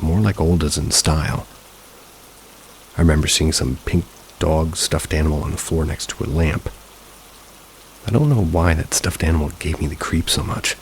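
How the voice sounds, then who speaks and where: A man narrating a first-person paranormal story in a steady, low-key manner. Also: gravelly, slight background noise, rough recording. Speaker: narrator of submitted paranormal stories.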